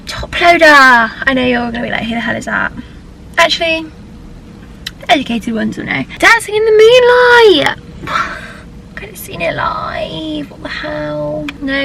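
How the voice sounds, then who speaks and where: A woman's voice: fairly high pitch, vocal fry, pushed and bright, slight background noise, rough recording. A young British woman chatting casually to her viewers in a lifestyle vlog. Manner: chatty, talking straight to viewers. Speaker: lifestyle vlogger.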